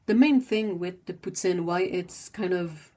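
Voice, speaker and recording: Lady hosting a painting stream, kinda low voice, rambly chatty talk full of ums and likes. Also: measured pace, a little mellow. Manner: chatty and rambling, many fillers. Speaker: livestream host. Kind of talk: casual chat while painting.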